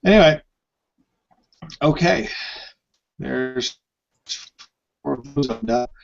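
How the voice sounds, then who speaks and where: A man's voice: mid-range voice, very slow, creaky. A man co-hosting a live stream chat, telling an anecdote with lots of energy and free swearing. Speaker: podcast co-host. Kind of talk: casual storytelling chat. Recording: dull lo-fi live stream audio.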